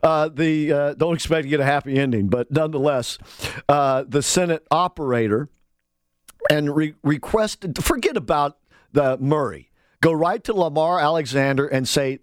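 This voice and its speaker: A man's voice: on the high side, normal speed, no echo, studio quality. A man hosting a political talk radio show, delivering a fired-up, sarcastic monologue and calling on his listeners to act.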